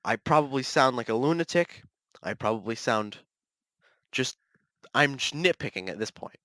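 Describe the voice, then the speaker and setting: A man's voice: medium pitch, expressive, normal speed, pushed and bright, no room sound. A man hosting a solo podcast, ranting in a restless, self-correcting way. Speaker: podcast host.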